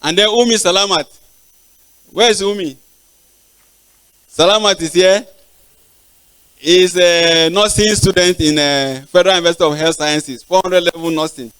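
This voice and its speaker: An older Nigerian man stands in a large auditorium, thanking people one by one in a lecture. His voice sits a little high, and he speaks haltingly, pausing and repeating words as he goes. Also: a bit bright, smooth. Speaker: professor giving lecture. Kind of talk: acknowledgements in a formal lecture.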